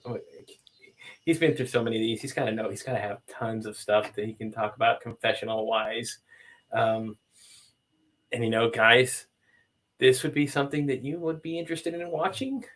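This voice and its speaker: A man hosting a live-stream show over a video call, talking excitedly with frequent restarts and calling out to viewers. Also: medium pitch. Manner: excitable, halting, addresses viewers as guys. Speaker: host. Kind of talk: casual live-stream chat.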